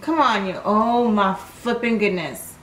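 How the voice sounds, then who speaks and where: A woman hosting an anime reaction video, swearing, gasping and shouting at the screen. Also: mid-range voice, measured pace, echoey room, a little hiss or hum. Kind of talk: excited reaction commentary.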